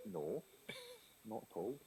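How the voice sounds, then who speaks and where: A man's voice: lowish voice, very animated, a little slow, crowd noise, low-quality recording. A man with a Scottish accent chatting casually on a live drawing stream, rambling through stories with many fillers. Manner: rambling anecdotes with lots of fillers and laughs. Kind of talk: casual chat. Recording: faint hiss.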